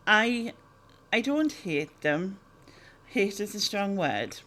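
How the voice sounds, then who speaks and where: A woman's voice: mid-range voice, big pitch swings, slow, sharp tone. A woman, chatting casually through a Q&A vlog, rambling with lots of ums and laughs. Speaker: YouTuber answering viewer questions.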